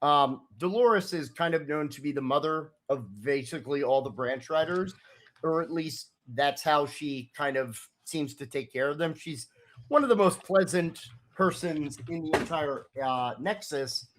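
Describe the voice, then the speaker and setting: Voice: medium pitch, lively intonation, measured pace. A game master narrating a tabletop role-playing scene in a loose, rambling way with many fillers.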